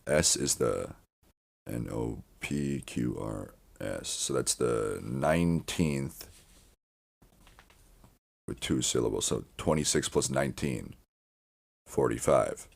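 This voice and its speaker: Super low rumbly guy with a lot of fry, just rambling on his podcast, restarts and cusses. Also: slow, long pauses. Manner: meandering, frequent restarts and swearing. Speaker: podcast host. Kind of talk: casual rambling monologue.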